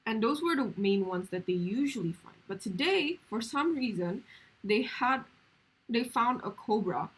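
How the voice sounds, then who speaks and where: A woman's voice: a little high, lively intonation, unhurried, slightly rough, low-quality recording. A woman streamer telling a story in casual chat, rambling along with lots of fillers.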